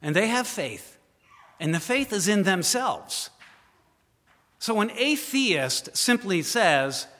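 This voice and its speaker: A man preaching a sermon, speaking straight to his listeners with pointed questions and moving from loud emphasis to a hushed voice. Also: sits high, sing-song, takes it slowly. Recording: long hall reverb.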